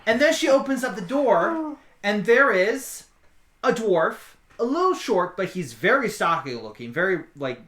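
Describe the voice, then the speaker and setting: Lively game master, swooping pitch, roomy echo, voicing townsfolk with excited outbursts. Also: unhurried. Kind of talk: narrating a tabletop game.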